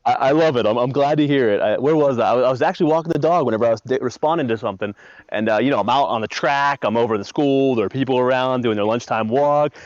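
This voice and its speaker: A man in the role of a game master talks casually at an average pitch, often stammering and repeating himself as he thinks aloud. The sound is dry and a little dull, like a lo-fi stream microphone. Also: quick pace, no room sound. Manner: rambling, stammers and repeats words. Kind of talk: casual chat after a tabletop game stream.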